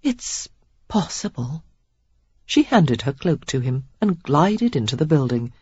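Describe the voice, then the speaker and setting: A narrator reads a romance with lively, rising and falling pitch and a husky, breathy tone. The recording is dry and dull-sounding, with a lo-fi edge. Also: normal speed, no echo. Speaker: audiobook narrator. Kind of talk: scripted narration.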